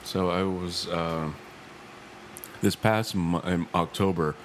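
A man's voice: low-pitched, fairly even intonation, takes it slowly, background noise. A man hosting a casual podcast chat, joking and laughing often. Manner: jokey, laughs often, trails off. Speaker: podcast host.

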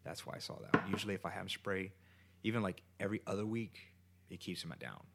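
A man with a low, gravelly voice tells a story in a loose, rambling way, swearing freely and stumbling over his own restarts. He talks casually from his kitchen at home. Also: steady tone, fast, fairly bright tone. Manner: profane, rambling, many restarts.

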